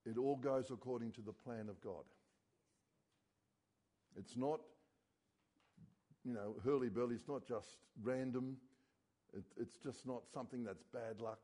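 Mellow-voiced preacher. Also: male voice, a little slow, pauses often. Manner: earnest preaching, drops low and quiet on key words. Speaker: pastor. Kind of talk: sermon.

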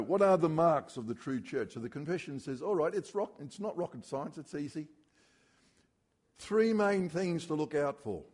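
A man's voice: medium pitch, dark tone. A man preaching a sermon in a church, talking to the congregation conversationally and asking rhetorical questions.

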